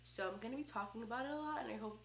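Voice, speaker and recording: A young woman talks straight to a close camera in a loose, heartfelt vlog chat, full of "like" and "um." Her voice is bright and forward. The room around her rings with noticeable echo. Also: on the high side, very fast, gravelly, a little hiss or hum. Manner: chatty, heartfelt, many fillers like "like" and "um". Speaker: vlogger, first-time mom. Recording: roomy echo.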